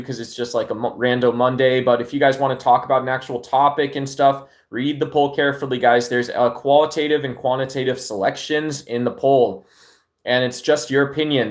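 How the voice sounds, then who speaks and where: A livestream host from Arizona in the United States keeps things casual, rambling easily into his phone at home with many fillers and restarts. His voice falls in the mid range.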